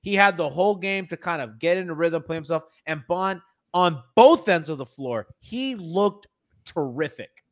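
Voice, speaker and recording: A man's voice: on the high side, normal speed. A man hosting a casual sports podcast on a video call, laughing often and reading viewer comments aloud. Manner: laughs often, excitable, reads chat aloud. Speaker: podcast host. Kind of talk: casual postgame chat.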